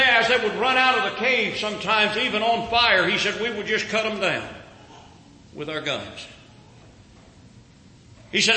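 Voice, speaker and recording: A man's voice: high voice, pushed and bright, slight background noise. A man preaching a sermon, telling a story earnestly with frequent stammered restarts. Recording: echoey hall with long reverb.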